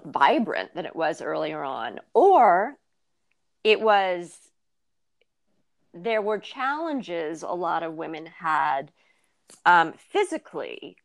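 A woman's voice: low-pitched, gravelly. A woman in her fifties, a writer being interviewed, talking candidly and thoughtfully with many fillers and restarts. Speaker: guest, writer and blogger. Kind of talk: casual interview conversation.

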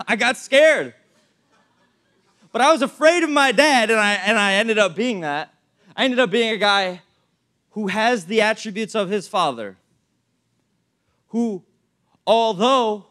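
A young man preaching as a pastor, animated and storytelling, with frequent fillers. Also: sits high. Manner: animated, acts out anecdotes, many fillers. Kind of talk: sermon with storytelling.

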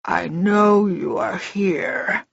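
A woman voicing a furious, hissing male villain lord who snarls and shouts his orders. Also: high-pitched, animated, drawn-out words, no room sound, voice pushed up, exaggerated voice. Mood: hissing menace. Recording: dull lo-fi recording.

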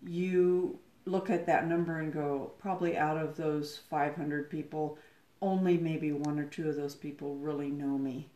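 Low-pitched woman thinking out loud, modest, echo in the room. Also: steady tone, unhurried. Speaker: guest. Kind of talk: casual conversation.

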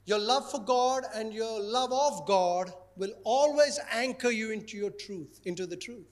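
A man preaching to a congregation in an animated, playful manner. His voice sits very high for a man. He hammers home his points by repeating them. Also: measured pace. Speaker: pastor. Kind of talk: sermon.

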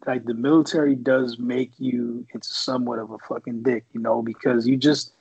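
A middle-aged former Marine reservist from the San Francisco Bay Area tells a rambling war story in casual chat, full of swearing and filler words. His mid-range voice is gravelly and level at a normal speed. The lo-fi recording has a crowd in the background.

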